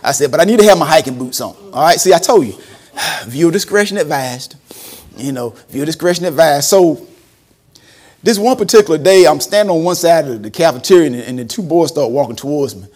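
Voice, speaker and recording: A man's voice: fairly high pitch, lively intonation, a little fast, a little mellow. A man preaching a storytelling sermon, acting out quotes and laughing often. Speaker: preacher and former school principal.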